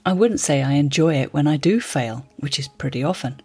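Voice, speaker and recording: A woman's voice: low voice, animated, fairly quick, few pauses, warm tone, husky, soft background music. A woman hosting a podcast, with wry, conversational scripted narration. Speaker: podcast host.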